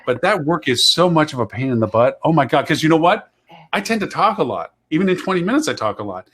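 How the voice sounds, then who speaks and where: A man's voice: fairly high pitch, very animated, quick pace, fairly bright tone, slightly rough. A man hosting a live online show, chatting in a rambling, talkative way and laughing often. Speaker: host. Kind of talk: casual live-show chat.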